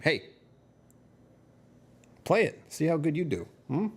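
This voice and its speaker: A man's voice: medium pitch, very animated, moderate pace, gravelly, pauses often, darkish tone. A middle-aged man streaming live, rambling through casual chat with his viewers and chuckling often. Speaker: livestreamer.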